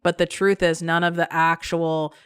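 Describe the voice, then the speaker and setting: A woman's voice: fairly low pitch, flat delivery, normal speed, clean tone, no echo. A woman hosting a solo business-coaching podcast, talking emphatically and bluntly in a casual way, with some swearing. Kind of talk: solo motivational podcast talk.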